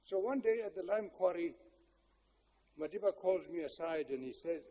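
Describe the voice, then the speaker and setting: An older South African man giving a public speech, telling a personal story in a measured, reflective way with wry humor. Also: high voice, lively intonation, dark tone. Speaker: guest speaker. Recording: long hall reverb.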